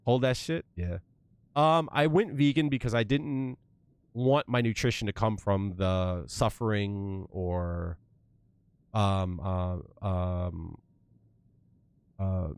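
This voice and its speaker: A man's voice: on the low side, no room sound. A young man chatting casually to his livestream viewers, swearing freely and getting worked up into rants.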